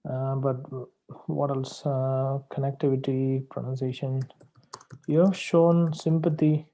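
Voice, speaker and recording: A male tutor gives spoken feedback on a practice test, correcting mistakes and slowing down to repeat the main advice. His voice is mellow and dark, at a middling pitch. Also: little pitch movement. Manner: corrective and repetitive, slows down to stress key phrases.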